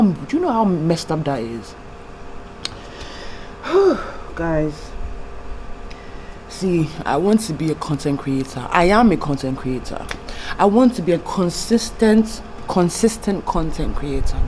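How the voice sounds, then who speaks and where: A woman's voice: low-pitched, darkish tone, rough recording. Young woman, candid confessional vlogger, tearful, faint noise behind her. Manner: candid, rambling, heartfelt. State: tearful, trying not to cry. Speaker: YouTube vlogger. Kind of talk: personal confessional vlog.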